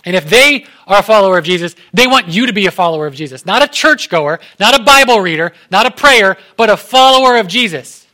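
A young male preacher with a high, bright voice gives a casual sermon. He talks in an animated way and slips into the voices of the people in his story. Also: fast, few pauses. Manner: animated, acts out quoted voices.

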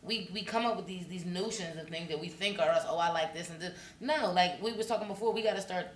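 A woman in her late twenties co-hosting a casual chat, talking with animated passion and plenty of swearing. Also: fairly low pitch, fast. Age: late 20s. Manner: animated, passionate, profane, acts out quotes. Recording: echoey room, mic at a distance, faint noise.

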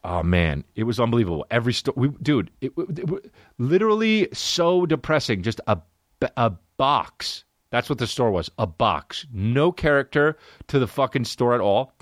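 A man's voice: mid-range voice, sing-song, normal speed, no room sound, studio quality. A man hosting a solo comedy podcast, ranting and riffing with profane, exaggerated stories. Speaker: podcast host.

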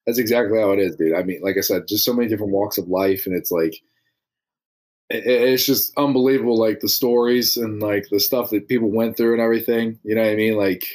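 A man's voice: fairly low pitch, steady tone, quick pace, darkish tone. A young man from small-town Ohio, a podcast guest telling rambling stories full of fillers in casual chat. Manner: rambling, filler-heavy storytelling.

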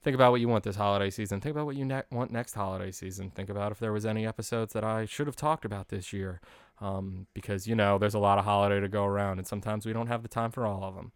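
Male podcast host, late twenties, low-pitched, dry close sound, casual chatty recap voice. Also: quick pace, smooth, dry recording. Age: late 20s. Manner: chatty, animated storyteller. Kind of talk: casual recap of a holiday special.

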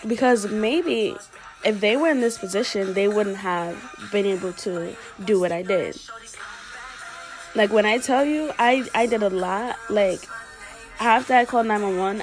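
Woman telling her own story, earnest, halting, kinda emotional, soft music behind. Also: mid-range voice. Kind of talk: personal storytelling.

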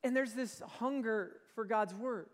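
A man's voice: very high-pitched, a little slow. A man preaching a sermon as pastor, emphatic, swelling and easing in force. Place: church sanctuary. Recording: long reverb of a large church hall.

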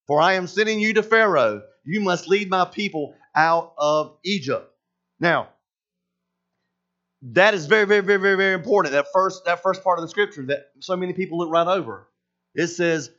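A man preaching a sermon as pastor, animated and acting out voices of the people in his story. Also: sits high, normal speed. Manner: animated, acts out voices of Moses and God. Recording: dull lo-fi sound.

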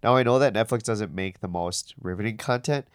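Podcast co-host, man with a very low voice and a stuffy nose, rambling chatter, dry close sound. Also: brisk, clear, resonant tone, no room sound. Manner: rambling, filler-heavy. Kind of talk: casual chat.

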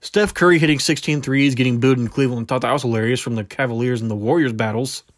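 Male solo sports podcast host, mid pitch, dry sound, blunt and rambling. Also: fast, no room sound. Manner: rambling, goes off on tangents and catches himself; blunt, opinionated. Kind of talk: casual solo sports talk.

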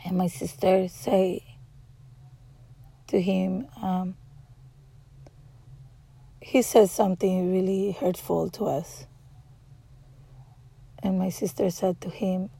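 Slow-talking woman. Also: on the low side, fairly even intonation, vocal fry, warm tone, breathy edge. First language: Spanish. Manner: emotional, frank, swears freely. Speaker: mother. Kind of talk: casual personal storytelling.

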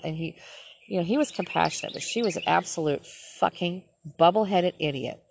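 A woman's voice: fairly low pitch, brisk, vocal fry, darkish tone, a little hiss or hum. A middle-aged woman, a nurse, bluntly ranting and telling a story in a profane personal vlog.

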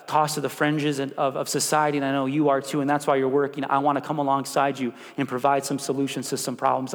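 A man preaching a sermon as pastor, animated, with call-and-response prompts to the congregation. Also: medium pitch, long reverb tail. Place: church sanctuary.

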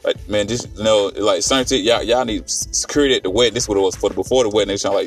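A man's voice: lowish voice, rapid-fire, distant mic, soft background music. A man casually recapping a film on a podcast, rambling and profane, with lots of fillers and restarts. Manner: rambling, profane, animated retelling with many fillers. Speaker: podcast host reviewing a film.

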